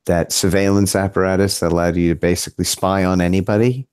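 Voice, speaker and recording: A man guesting on a casual podcast, animated and quick to disagree. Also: low-pitched, smooth, no room sound. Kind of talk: casual discussion.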